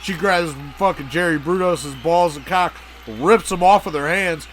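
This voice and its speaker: Brief: male podcast co-host, fairly high and bright voice, profane rambling storyteller, faint noise behind. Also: normal speed. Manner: crude, rambling, acts out voices.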